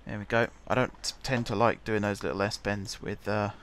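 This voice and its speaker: A man talks through his game in a casual, half-muttered way, as if thinking aloud. His voice sits a bit low. Faint background noise and mouse clicks sit behind him. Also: level tone, moderate pace, fairly bright tone. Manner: chatty, muttering to himself while building. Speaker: gaming channel host.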